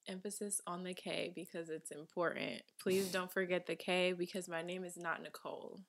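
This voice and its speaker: A woman's voice: on the low side, fairly even intonation, normal speed, few pauses. A young woman in her twenties hosts a casual podcast from her apartment studio. She talks in a chatty, emphatic way and laughs often as she goes. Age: 20s. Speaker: podcast host. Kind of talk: casual chat.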